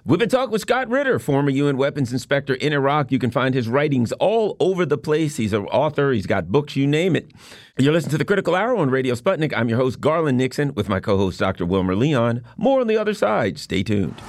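Lively-voiced male radio host. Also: mid-range voice, a little fast, no room sound. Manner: chatty, agreeing, bouncy delivery. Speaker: radio talk show host. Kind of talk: casual radio talk.

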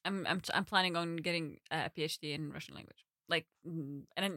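A young woman chats casually as a podcast co-host, her voice bright and a touch low. She hedges a lot with "like" and restarts her sentences, recorded close and dry. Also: brisk, dry recording. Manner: chatty, hedges with "like". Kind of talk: casual chat.

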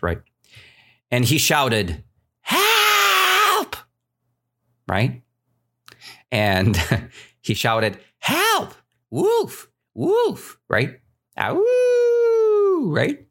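A man teaching, reading a story aloud to learners in a playful way, stopping to ask rhetorical questions and making deliberate mistakes to correct. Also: mid-range voice, fairly bright tone.

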